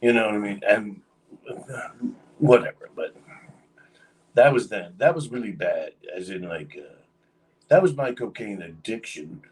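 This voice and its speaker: A man's voice: on the low side, expressive, measured pace, pauses often, distant mic, poor audio. A man casually telling a long story on a livestream, rambling with lots of fillers. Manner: rambling, many fillers, acts out quoted voices.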